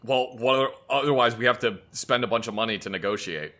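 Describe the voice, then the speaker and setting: A man's voice: mid-range voice, quick pace, pushed and bright. A man co-hosting a casual game playthrough, sounding exasperated and bossy and cracking jokes. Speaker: co-host.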